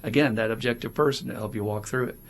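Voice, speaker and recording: Gravelly man talking recovery, animated. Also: mid-range voice, quick pace, slight background noise. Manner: animated, acts out quoted voices. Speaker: podcast co-host. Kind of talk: casual recovery podcast talk.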